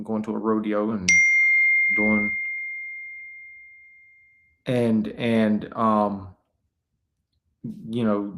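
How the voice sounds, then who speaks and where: Hosting a live stream, a man chats casually in a rambling, preachy style, full of fillers and restarts. His voice is fairly low with some vocal fry.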